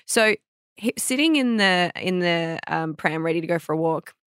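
Young woman podcast host, lively storyteller, dry close sound, laughs often. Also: lowish voice, normal speed, clean tone, no echo. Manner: chatty storyteller, laughs often, acts out quotes. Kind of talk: casual chat.

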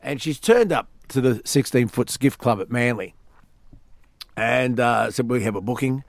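Australian male radio host, animated storyteller, dry close mic. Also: medium pitch, normal speed, vocal fry, no echo. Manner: animated storyteller, acts out quotes. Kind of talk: storytelling on a talk radio show.

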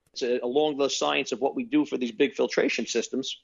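A man tells his story in casual interview answers, dropping in fillers as he goes. His voice sits at a medium pitch. The recording sounds a little dull. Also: fairly quick, gravelly, hardly any pauses. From New York. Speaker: company founder.

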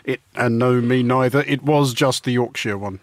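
A man's voice: medium pitch, moderate pace, no echo. A man with an Australian accent hosting a radio talk show with dry, mock-formal humor. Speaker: host.

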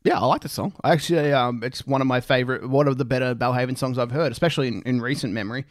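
A young Australian man co-hosting a podcast, animated and sweary, laughing a lot and ranting. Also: mid-range voice, racing, no room sound, clean studio sound. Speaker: podcast co-host. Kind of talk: casual chat.

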